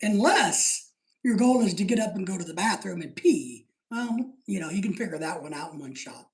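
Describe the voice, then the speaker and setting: A man's voice: high voice, animated, moderate pace, gravelly. Man, middle-aged, live stream host, casual rambling chat, jokey, laughs often, roomy echo.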